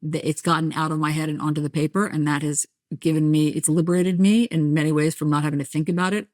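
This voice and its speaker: This middle-aged woman, a journalist from New Jersey, keeps a light New Jersey accent. She speaks in a somewhat low voice, telling stories candidly, acting out other people's lines and laughing at herself. Her voice is recorded close and dry. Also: fast, dry recording. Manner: animated storyteller, acts out voices, self-deprecating. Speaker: podcast guest, journalist and author. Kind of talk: candid conversational interview.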